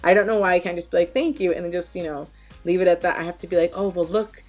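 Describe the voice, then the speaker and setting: Speaking very fast in a flat, lowish voice, a woman chats casually as a beauty vlogger at her desk at home. Her voice-over rambles, full of fillers and self-deprecation, with faint music in the background.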